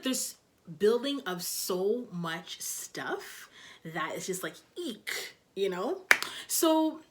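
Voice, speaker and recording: A woman's voice: mid-range voice, fairly bright tone. Chatty young woman reviewing a show. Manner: chatty, loose, heavy on fillers like "like" and "you know". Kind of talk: casual episode review chat.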